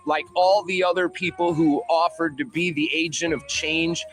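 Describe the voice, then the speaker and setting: A man's voice: on the high side, little pitch movement, normal speed, fairly bright tone, faint music behind. A man in his forties from the United States, ranting heatedly about politics with constant swearing on an open panel. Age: 40s. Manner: heated, profanity-laden ranting. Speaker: panel guest. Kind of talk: political rant.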